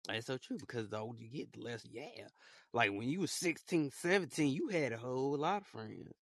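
A man's voice: medium pitch, expressive, brisk, vocal fry, no room sound. A young man hosting a casual solo podcast, talking in a rambling, repetitive, heartfelt way. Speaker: podcast host.

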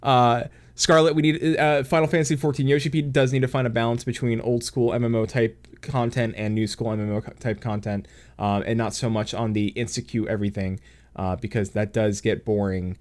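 A man streaming and chatting casually about a game, animated, laughing often and swearing casually. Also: mid-range voice, a little fast. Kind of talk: casual gaming chat.

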